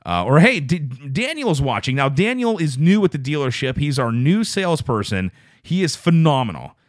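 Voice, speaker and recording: In a dry, studio-quality recording, a man hosts a solo podcast and talks with live viewers at normal speed. His sing-song delivery imitates an exaggerated radio announcer, swooping in pitch as he rambles and stumbles into stammered restarts.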